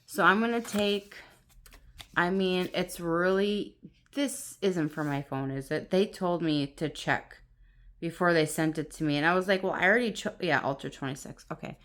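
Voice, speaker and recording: A woman filming a casual vlog on her phone at home, excitable and gushing, laughing often as she talks. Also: fairly low pitch, normal speed. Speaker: vlogger. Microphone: phone camera on tripod.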